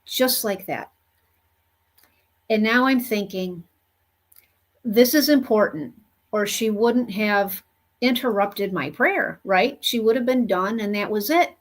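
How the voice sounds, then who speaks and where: Slow, earnest woman telling a story. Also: mid-range voice. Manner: slow, earnest, many "you know" fillers. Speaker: spiritual medium. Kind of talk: storytelling monologue.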